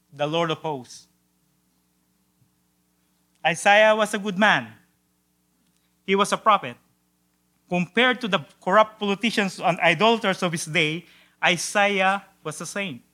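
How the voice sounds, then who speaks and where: A man preaching a sermon, swinging from hushed, low passages to loud, drawn-out exclamations, with occasional stumbles and repeated words. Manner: drawn-out emphatic quotations. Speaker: pastor.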